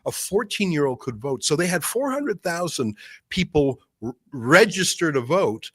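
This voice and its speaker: A man from Canada, a guest commentator, explaining politics in a rapid, insistent way. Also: fairly high pitch, very animated, husky, dry recording.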